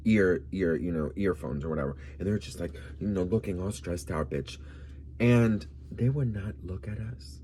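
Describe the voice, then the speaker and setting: A man's voice: fairly low pitch, dark tone, a little hiss or hum. A man of Colombian background from Miami, telling a gossipy story in a sassy, campy vlog style and calling the viewer "girl.". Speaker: vlogger.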